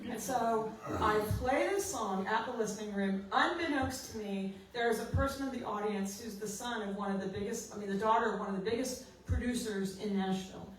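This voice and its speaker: A woman's voice: mid-range voice, a little fast, hardly any pauses, slight background noise. A middle-aged woman songwriter telling a self-mocking story at a house concert, laughing often. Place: living room house concert. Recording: roomy, distant mic.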